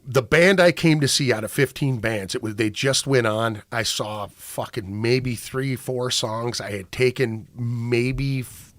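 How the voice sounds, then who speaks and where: Man, podcast host, animated profane storyteller, very dry close sound. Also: medium pitch, measured pace, no echo. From Minnesota. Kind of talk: casual chat.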